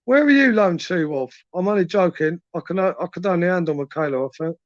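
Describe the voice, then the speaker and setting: A man's voice: high voice, quick pace, no room sound. Crude laddish man, lo-fi stream. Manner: crude, laddish banter with viewers. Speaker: livestream host reading chat. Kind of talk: late-night live chat.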